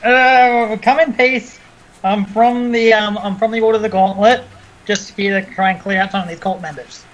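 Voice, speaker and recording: A man's voice: high voice, steady tone, dull audio, a little hiss or hum. Hesitant man speaking in character. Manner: hesitant, halting. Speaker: player. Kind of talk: casual tabletop play.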